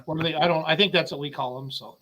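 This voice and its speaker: A man's voice: a little high, fast, a bit bright. A man co-hosting a casual livestream interview, joking and teasing. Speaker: co-host.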